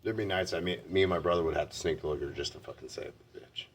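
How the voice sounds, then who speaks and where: A man's voice: sits low, fast talker, husky. A man telling candid personal stories in a blunt, heavily profane way. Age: adult. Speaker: vlogger.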